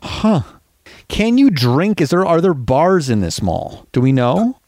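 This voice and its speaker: A man chatting on a podcast, curious and quick with questions. His voice sits slightly high and moves a lot in pitch, recorded dry and close. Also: very animated, darkish tone, dry recording. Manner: curious, reading out facts and asking questions. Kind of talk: casual chat.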